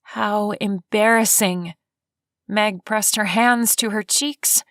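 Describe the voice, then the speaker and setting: A woman narrating a romance audiobook in measured, even storytelling. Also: mid-range voice, no room sound, clean studio sound. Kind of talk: scripted narration.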